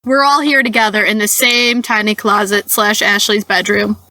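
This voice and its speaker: A woman's voice: medium pitch, fairly even intonation, moderate pace, pushed and bright, dry recording. A woman co-hosting a podcast, throwing in playful joking quips during casual banter. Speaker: podcast co-host. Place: small closet-like bedroom.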